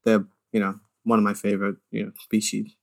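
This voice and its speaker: A man's voice: on the low side, little pitch movement, brisk, creaky. A man co-hosting a film podcast in casual chat, rambling and enthusiastic, with a jokey streak. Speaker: podcast co-host.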